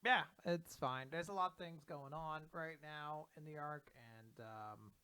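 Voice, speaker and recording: A man's voice: fairly high pitch, measured pace, sharp tone, clean tone. A man co-hosting a casual podcast, recapping comic chapters in a loose, joking way and swearing freely. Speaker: podcast co-host.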